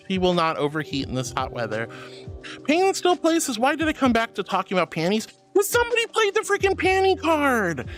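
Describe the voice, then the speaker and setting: A man's voice: high voice, a bit bright. A young man streaming, reading chat messages aloud in an affectionate, theatrical way, calling viewers honey and sweetie.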